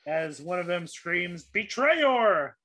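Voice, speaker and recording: A man's voice: fairly high pitch, lively intonation, normal speed, a bit bright. Laid-back man running a tabletop game. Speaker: dungeon master.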